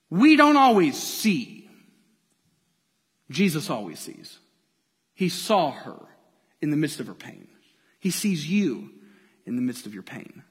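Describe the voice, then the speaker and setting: A male pastor preaching a sermon to a church congregation, lively and playful as he draws listeners in. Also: high voice. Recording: long hall reverb from a church.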